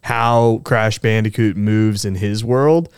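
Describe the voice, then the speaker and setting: Smooth low-voiced young man, emphatic. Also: slow pace, dry recording, studio quality. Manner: emphatic, gets loud when excited. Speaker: podcast co-host. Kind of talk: casual chat.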